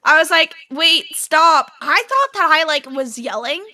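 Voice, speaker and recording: A young woman co-hosting a podcast, telling a story in casual chat and acting out her own past yells. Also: high-pitched, lively intonation, unhurried. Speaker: podcast co-host.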